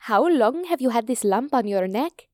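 A caring young woman, earnest and steady, who asks soft but persistent questions, as a woman reads her in a storybook. The voice sits close and dry, with no room echo. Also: on the high side, normal speed, lightly acted. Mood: gentle.

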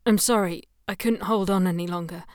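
Female narrator playing an inexperienced young man, emotional and flustered, voice lifted high. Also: fairly even intonation, fairly quick, dry recording, studio quality, lightly acted. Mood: apologetic.

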